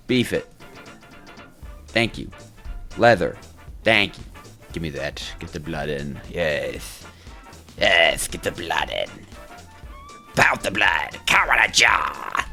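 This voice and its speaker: A man giving let's play commentary as a gaming creator, excitable and thinking aloud while he plays, talking to himself and often breaking into laughter. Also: low voice, measured pace, vocal fry, faint music behind. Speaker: gaming YouTuber.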